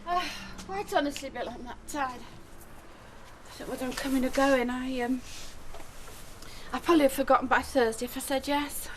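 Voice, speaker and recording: A woman's voice: high voice, normal speed, long pauses, background noise, natural voice. An actress playing a tired, lonely middle-aged woman who talks hesitantly and wearily. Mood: weary. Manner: hesitant, weary, tearful.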